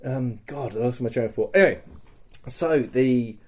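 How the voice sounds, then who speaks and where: A man hosting a podcast, telling a story in casual chat, animated and swearing a lot. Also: medium pitch, normal speed. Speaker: podcast host.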